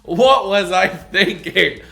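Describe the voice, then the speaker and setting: A man doing a comedic recap of a TV show, sarcastic and mocking, swinging between shouted jokes and low asides. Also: slow pace, gravelly, soft background music. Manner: sarcastic, mocking, bursts into loud laughter; stand-up delivery, jumps between shouting and muttering. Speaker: video recap host.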